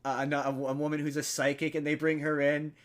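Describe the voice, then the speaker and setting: A man with a somewhat high voice rambles casually through a story, leaning heavily on fillers and restarts. He speaks as a podcast host in relaxed chat. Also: a little fast.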